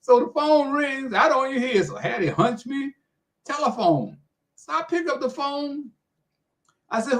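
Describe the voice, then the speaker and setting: A man's voice: very high voice, animated, moderate pace, a bit bright. An older American man, a sports radio personality, telling a folksy story and acting out the quotes, saying "man" often. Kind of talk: animated storytelling.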